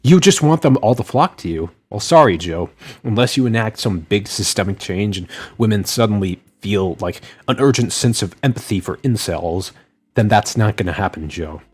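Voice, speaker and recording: A man's voice: on the low side, animated, normal speed, a little mellow, husky. A man co-hosting a podcast commentary, lecturing in a sarcastic tone. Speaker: commentary co-host.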